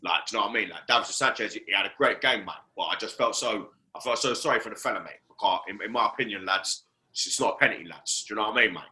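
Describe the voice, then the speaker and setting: A self-important old-pro football pundit, as a man puts him on, droning in a deep, lowered voice. He leans on "mate" and "do you know what I mean" after every phrase, with a bright, forceful edge still in the tone. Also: racing. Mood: mock-serious. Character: pompous male ex-centre-back football pundit.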